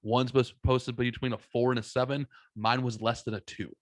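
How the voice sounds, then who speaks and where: Thirties guy telling stories on a podcast, blunt and sweary, normal pitch, dry close sound. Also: level tone, quick pace, no echo. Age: 30s. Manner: blunt, profane, acts out both sides of stories. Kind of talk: casual podcast storytelling.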